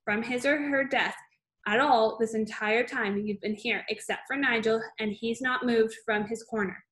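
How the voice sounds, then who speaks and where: A woman as a gentle, steady schoolteacher. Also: on the high side, moderate pace, lightly acted.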